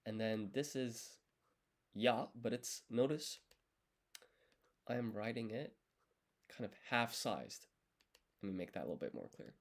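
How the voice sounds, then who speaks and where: In this casual live study session, a language learner streams himself writing, counting each stroke out loud and patiently walking through the steps. His voice is lowish and expressive, a little slow, with frequent pauses.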